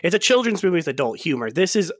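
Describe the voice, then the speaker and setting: A man's voice: high voice, big pitch swings, very fast, dry recording, studio quality. A man in his late twenties co-hosting a podcast, bluntly riffing on a bad movie with frequent swearing and laughter. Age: 20s. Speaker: podcast co-host. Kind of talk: casual movie discussion.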